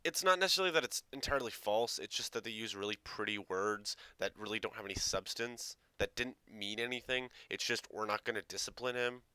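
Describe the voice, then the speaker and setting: Sarcastic man with a bright crisp voice. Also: fairly low pitch, fairly quick, hardly any pauses, no echo. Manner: sarcastic, swearing, mocking quotes. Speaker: reaction video host. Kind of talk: casual reaction commentary.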